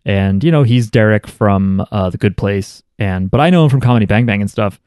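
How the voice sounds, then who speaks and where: A man's voice: lowish voice, fairly quick, a little mellow, clean tone, no room sound, studio quality. Wry man in casual podcast chat. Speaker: podcast co-host.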